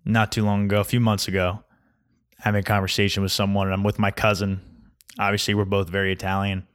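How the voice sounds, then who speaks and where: Grumpy ranting young man, lowish voice. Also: monotone, quick pace, clear, resonant tone. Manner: grumpy, ranting, mocks mispronunciations. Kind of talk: casual comedic rant.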